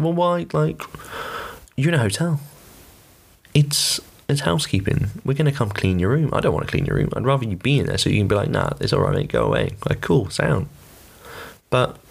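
A man's voice: medium pitch, vocal fry, slightly rough. A young man hosting his own podcast, rambling casually with lots of fillers and blunt swearing. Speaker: podcast host. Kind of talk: casual solo podcast monologue.

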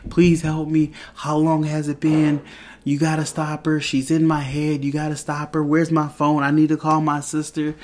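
A man's voice: fairly high pitch, completely flat delivery, moderate pace, a little mellow, voice pushed up, lightly acted. A man voicing a panicked man just freed from mind control, pleading frantically in a casual retelling.

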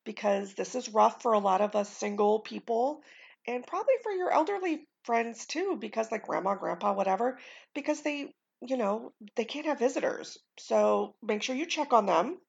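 Gravelly-voiced American woman rambling. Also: on the high side, moderate pace, highs cut off. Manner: rambling, casual swearing, frequent ums. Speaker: podcast host. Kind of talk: casual solo podcast chat.

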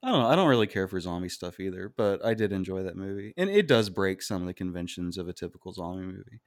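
Laid-back joking man, low voice. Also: very animated, quick pace, dry recording, studio quality. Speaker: podcast co-host. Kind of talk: casual group chat.

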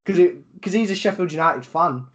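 A man's voice: high-pitched, lively intonation, brisk, a bit bright, husky. A man with a Yorkshire accent co-hosting a casual football podcast, rambling with lots of fillers and free swearing. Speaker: podcast co-host.

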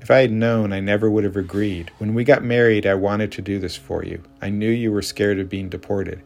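A frustrated wife pleads with her husband, voiced by a man lifting his pitch. She sounds insistent and worn out, with a gravelly edge to the voice. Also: fairly even intonation, fairly quick. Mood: pleading. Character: frustrated American wife, adult woman.

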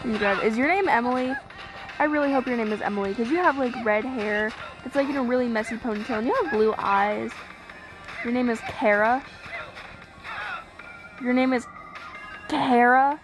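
A woman streamer talks through a game in a loose, excitable let's-play style, her voice sitting a little high. She chatters, swears and teases the characters on screen while game music plays clearly underneath. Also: brisk, low-quality recording. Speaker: gaming streamer. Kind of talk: casual let's-play commentary.

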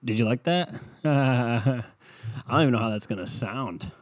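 Amid heavy background noise, a young man with a medium-pitched, lively voice hosts his own podcast at an unhurried pace. Speaking into a headset at home, he delivers a casual solo rant, rambling, cursing casually and mocking himself.

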